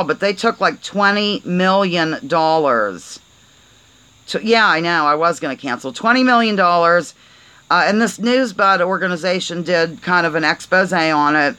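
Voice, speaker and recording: A chatty woman hosting a casual live stream, with a playful, rambling way of talking and a bright, sharp tone. She reads aloud in fits and starts and cheerfully trips over words as she goes. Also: fairly low pitch, rough recording. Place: on a porch, outdoors.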